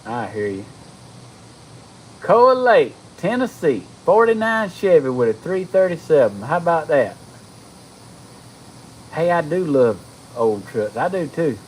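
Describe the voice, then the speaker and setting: A man, chatting casually with viewers on a live stream, folksy and excitable. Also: fairly high pitch, a little slow, pauses often, a little hiss or hum, rough recording. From Georgia, US. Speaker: livestream host.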